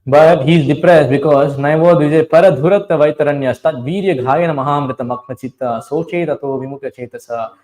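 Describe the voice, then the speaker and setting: A man teaches a devotional class, his voice sitting a little higher than most men's. He tells old stories, chants verses and keeps asking his listeners questions. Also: darkish tone, poor audio. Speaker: preacher.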